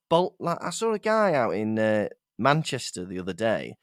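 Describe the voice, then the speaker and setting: A man's voice: fairly low pitch, huge pitch swings, moderate pace, no echo, clean studio sound. A man co-hosting a podcast in casual, jokey chat, often slipping into character voices and laughing. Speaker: podcast co-host.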